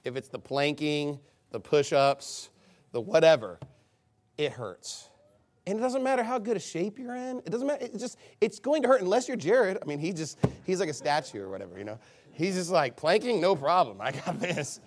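A man preaching a sermon as a pastor, blunt and scolding, swinging between loud emphasis and low asides. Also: lively intonation, moderate pace.

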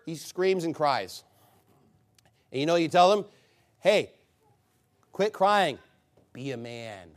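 A man preaching a sermon as a pastor, blunt and scolding, swinging between loud emphasis and low asides.

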